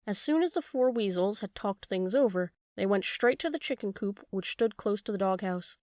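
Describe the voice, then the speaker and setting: Woman narrator, children's audiobook, steady storytelling, dry close recording. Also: medium pitch, moderate pace, no echo. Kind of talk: scripted narration.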